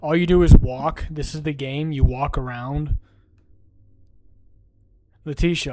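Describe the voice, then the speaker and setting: A brash young man trash-talking his way through a game stream, swearing freely and ribbing his friends. His voice sits a little higher than most men's. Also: steady tone, unhurried, pauses often, mellow. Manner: brash, profane, mocking. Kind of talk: live game-stream commentary.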